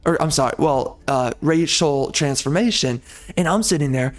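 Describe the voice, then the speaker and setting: A man's voice: fairly high pitch, normal speed. A man hosting a gaming channel, ranting angrily and profanely over gameplay, agitated and repeating himself as he stumbles over words. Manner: angry, profane, stammering repetitions. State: agitated, seething.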